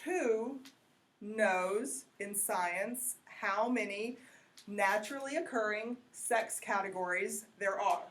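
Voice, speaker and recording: A woman's voice: mid-range voice, slow pace, a bit bright, far from the mic. A woman teacher giving a casual lecture to her class, asking questions and drifting into tangents. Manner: conversational, asks the class questions, goes off on tangents.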